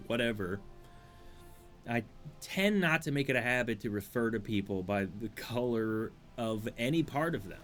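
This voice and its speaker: A man streaming a video game, giving rambling, wry commentary that easily drifts off topic. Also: mid-range voice. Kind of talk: let's play commentary.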